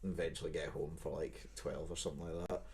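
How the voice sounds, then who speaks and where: Deep-voiced young Scottish man, sweary. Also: little pitch movement, fast talker, a little mellow. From Scotland. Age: 20s. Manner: swearing, storytelling with laughs. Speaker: podcast co-host. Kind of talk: casual chat.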